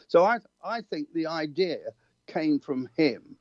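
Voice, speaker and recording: An older man tells racing anecdotes with chuckling asides, and his voice sits a little high. His remote line sounds slightly dull, and the sound is dry. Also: animated, measured pace, a little mellow, no echo. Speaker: motorsport journalist and regular guest. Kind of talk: casual chat.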